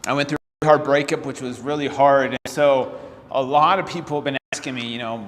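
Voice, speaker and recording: A man around forty, a fitness vlogger, talking to viewers in a halting, earnest livestream chat full of fillers and restarts, holding back tears. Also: medium pitch, fairly even intonation, fairly bright tone, long reverb tail. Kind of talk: casual livestream talk to viewers.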